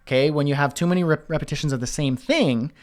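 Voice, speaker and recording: A man's voice: fairly high pitch, quick pace. A man teaching web design, talking casually through a screen-share walkthrough and thinking aloud with fillers and restarts.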